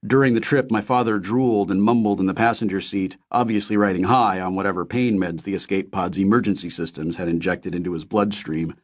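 A man with a fairly low voice narrates a novel in the first person. His reading is steady and measured, an audiobook storyteller.

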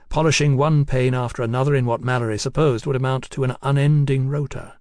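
An audiobook narrator with a medium-pitched voice reads a novel in a measured, even storytelling manner. The scripted narration has a dry, clean studio sound.

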